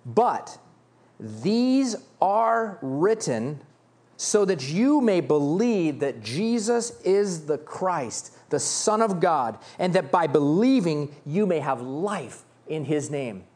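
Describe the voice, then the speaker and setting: Taking it slowly, a pastor preaches from the pulpit in a lively manner full of pitch changes. He moves back and forth between reading scripture and voicing the beggar's loud, begging cries.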